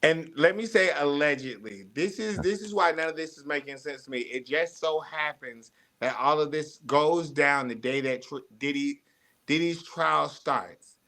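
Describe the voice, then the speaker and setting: A man's voice: on the high side, normal speed, pushed and bright. A man co-hosting a casual commentary chat, talking in a blunt, profane, speculative way.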